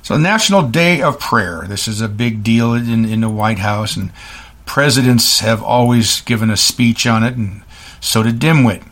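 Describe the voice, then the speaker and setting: A male host delivers a scornful political rant. He talks in quick bursts, stumbles into restarts and mocks what he quotes, at a middle pitch. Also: fairly bright tone. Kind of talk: political commentary monologue.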